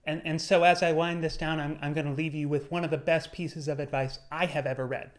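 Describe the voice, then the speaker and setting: Earnest young man giving calm advice. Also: fairly high pitch. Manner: earnest, measured, slowing on key words. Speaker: YouTuber. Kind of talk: motivational vlog monologue.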